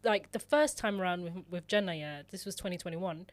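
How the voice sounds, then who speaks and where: A woman hosting a podcast, chatting in a relaxed, easygoing way. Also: lowish voice, brisk. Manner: relaxed, laid-back and chatty. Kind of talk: casual chat.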